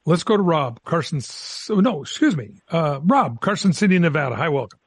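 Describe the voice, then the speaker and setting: Man, folksy call-in host, fairly high voice, dry close sound. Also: sing-song, brisk, husky, no echo. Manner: warm, folksy, calls callers dear. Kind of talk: call-in show hosting.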